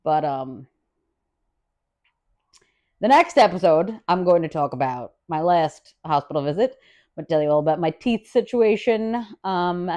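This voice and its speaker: A woman hosting a podcast, telling a wild story in a casual, profane rant, swinging from loud and laughing to low, quiet asides. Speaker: podcast host.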